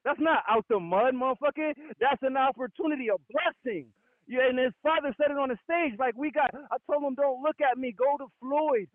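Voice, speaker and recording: A high-voiced man argues his point hard and won't let anyone cut in, cursing freely. His voice comes through a thin, phone-like line. The sound is dry and close. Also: fairly quick, no room sound. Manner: insistent, swears a lot, cuts off rebuttals. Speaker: boxing podcast co-host. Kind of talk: heated debate, profane.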